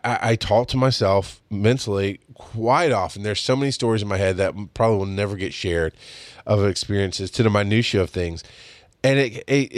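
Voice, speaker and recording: A man's voice: on the low side, dry recording, clean studio sound. A man hosting a podcast, talking in a candid, rambling monologue full of restarts. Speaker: podcast host. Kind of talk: casual solo monologue.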